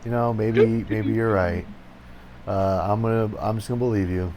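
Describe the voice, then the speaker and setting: A man voicing a gentle, nervous male bard who talks softly and hesitantly. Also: on the low side, steady tone, moderate pace, slight background noise, voice pushed down, natural voice. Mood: wistful.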